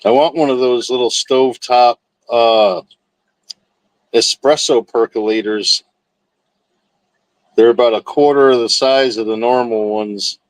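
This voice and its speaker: A man's voice: medium pitch, fairly even intonation, measured pace, long pauses, dry recording, poor audio. A man hosting a livestream, chatting casually with viewers in a rambling, profane, laid-back way. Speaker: livestream host. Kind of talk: casual chat with live chat.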